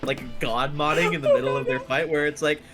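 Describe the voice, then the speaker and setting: A man's voice: a little high, a little fast. Rambling male podcast co-host over music. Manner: rambling, many fillers and restarts, playful. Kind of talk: casual podcast chat.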